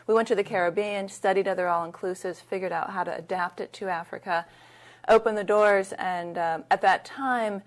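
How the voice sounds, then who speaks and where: A woman's voice: medium pitch, moderate pace. Middle-aged woman telling candid stories. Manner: candid, anecdotal, lively retelling. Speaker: interview guest, leadership consultant. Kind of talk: conversational storytelling.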